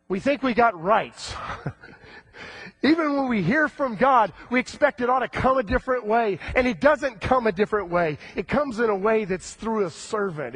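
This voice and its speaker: A male preacher telling a story in a sermon, animated and acting out the characters' voices. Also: sits high, vocal fry, slightly rough, dry recording.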